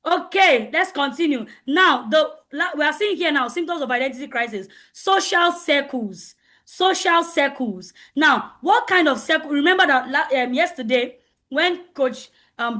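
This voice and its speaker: Woman coach, high voice, loud and emphatic, repeats lines to drive them home. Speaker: coach speaking at a teen conference. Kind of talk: motivational lecture.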